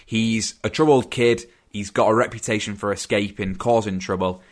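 A young man chatting casually on a film podcast, relaxed and quick to laugh. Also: on the low side. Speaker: podcast host.

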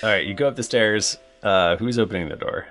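A man's voice: lowish voice, fairly quick, a bit bright, soft background music. A man narrating as game master of a tabletop game, with playful, dramatic storytelling.

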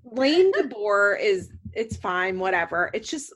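A woman's voice: mid-range voice, very animated, takes it slowly. A woman chatting casually as a podcast co-host, giggly and full of fillers. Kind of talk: casual chat.

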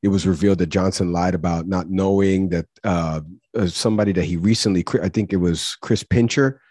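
A man's voice: low voice, darkish tone, breathy edge, no echo, clean studio sound. A man co-hosting a podcast in casual chat, rambling and chuckling as he talks. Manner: rambling, chuckling, restarts often. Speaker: podcast co-host.

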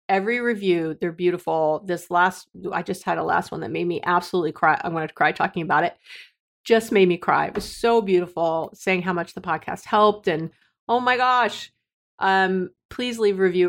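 A middle-aged woman hosting a relationship podcast, talking straight to listeners in a chatty, enthusiastic way and repeating words for emphasis. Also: fairly low pitch. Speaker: podcast host, relationship therapist. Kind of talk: warm direct-to-listener podcast talk.

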